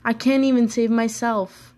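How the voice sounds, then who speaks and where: A woman's voice: fairly high pitch, steady tone, normal speed, darkish tone, close to an everyday voice. A woman reading aloud and voicing a gloomy male silverback gorilla in a plain, subdued tone.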